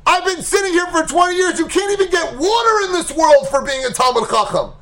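A man voicing an indignant, sheltered young male scholar in a told story, shouting his outraged complaints. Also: fairly high pitch, expressive, normal speed.

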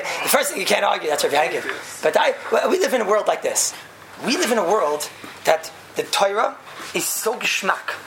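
A man telling an animated story to listeners, laughing often and acting out the people in it. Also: high-pitched, vocal fry, slight background noise. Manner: lively, laughing, acts out voices, frequent "right?". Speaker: speaker telling a story to a group.

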